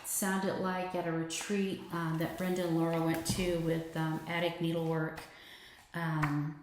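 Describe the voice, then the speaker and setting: A woman with a fairly low voice chats eagerly in a casual show-and-tell, now and then dropping to a near whisper. The room is heavily echoey. A faint noise sits underneath. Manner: chatty and enthusiastic, drops to a near whisper at times. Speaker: cross-stitch vlogger.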